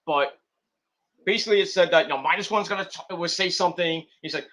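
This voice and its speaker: Young guy on a wrestling stream, high bright voice, rambles and acts out bits. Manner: rambling, acts out scenes with quick put-on voices. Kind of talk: casual commentary.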